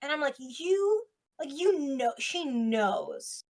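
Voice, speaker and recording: Woman guest, high bright voice, animated, giggly. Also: takes it slowly, gravelly. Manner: giggly, animated, breaks into high laughing quotes. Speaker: podcast guest. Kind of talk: casual chat.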